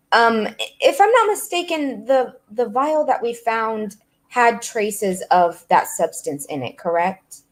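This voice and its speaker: A woman's voice: mid-range voice, animated, measured pace. A woman playing a tabletop game, asking careful, polite questions and speaking as her character. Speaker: player. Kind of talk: tabletop role-play.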